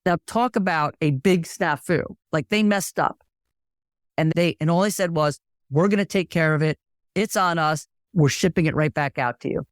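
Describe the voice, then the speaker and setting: A man, a podcast guest, telling a story in casual conversation and acting out the dialogue with lively energy. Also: on the high side, normal speed, no room sound, clean studio sound.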